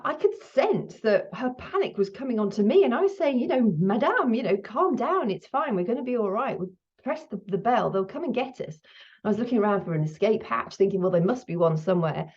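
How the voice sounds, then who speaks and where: A middle-aged woman hosting her own menopause video, talking candidly to camera while still shaken, her breathing high. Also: darkish tone. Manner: chatty, candid, laughs now and then. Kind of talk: casual talk to camera. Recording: slightly dull lo-fi sound.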